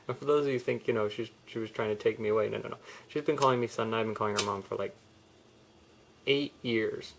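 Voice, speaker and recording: A man's voice: fairly low pitch, moderate pace, creaky, long pauses, a little hiss or hum. A young man telling a personal story in a candid, rambling vlog, often restarting his sentences. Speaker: vlogger.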